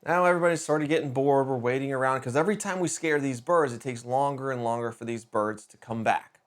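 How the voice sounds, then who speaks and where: Middle-aged male host, mid-pitched, relaxed storyteller who stresses key beats. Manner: conversational, with quick restarts and lively emphasis. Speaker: podcast host. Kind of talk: casual storytelling monologue.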